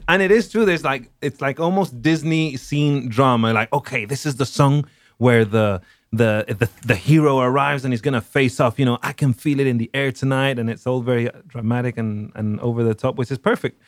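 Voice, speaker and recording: Guy rambling on a podcast, lots of ums, mid pitch, dry close sound. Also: steady tone, moderate pace, dry recording. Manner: rambling, full of fillers and restarts. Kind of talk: casual chat.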